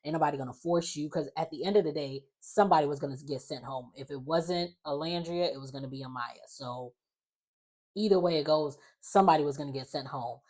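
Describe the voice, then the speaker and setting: Low-voiced chatty woman recapping a show. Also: a little fast. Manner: chatty, heavy use of "like", animated quoted voices. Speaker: recap vlogger. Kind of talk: casual reality TV recap.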